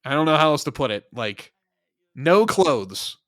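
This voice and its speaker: A man co-hosting a podcast in casual chat, animated and emphatic, laughing often. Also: on the high side, quick pace, smooth, no echo, studio quality. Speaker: podcast co-host.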